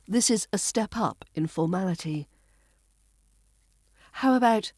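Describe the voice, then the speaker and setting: A woman's voice: mid-range voice, animated, unhurried, long pauses, darkish tone, no room sound. British rp woman teaching on a podcast, poised and precise, dry close mic. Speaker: accent coach and podcast host. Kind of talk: scripted podcast lesson.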